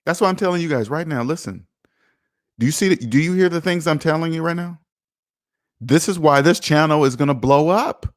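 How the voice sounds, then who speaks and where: A man's voice: on the high side, a little fast. A man hosting a personal finance livestream, speaking casually and emphatically, lecturing viewers and reading out their comments. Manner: emphatic, preachy, reads viewer comments aloud. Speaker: finance channel host.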